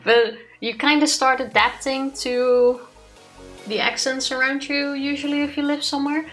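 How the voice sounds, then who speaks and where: A woman's voice: high-pitched, flat delivery, normal speed, fairly bright tone, soft background music. A woman co-host with a Dutch accent, a native Dutch speaker, chatting casually, laughing easily and trailing off mid-sentence. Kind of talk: casual chat.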